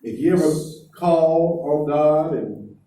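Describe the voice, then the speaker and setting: A man's voice: a little high, animated, slow, warm tone, far from the mic. A man preaching a sermon, speaking emphatically and putting questions to his congregation, in a church hall. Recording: echoey hall heard from afar.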